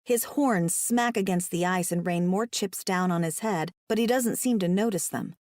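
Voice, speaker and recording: A woman's voice: moderate pace, a little mellow, no echo, clean studio sound. A young woman narrating a first-person romance audiobook, emotive and dramatic. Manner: emotive, voices the heroine's panic in a higher pitch.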